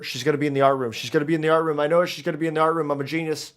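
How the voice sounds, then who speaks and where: A man's voice: fairly high pitch, fairly even intonation, racing. A man giving casual, rambling commentary while streaming a game, chatty and self-interrupting, into a desk mic.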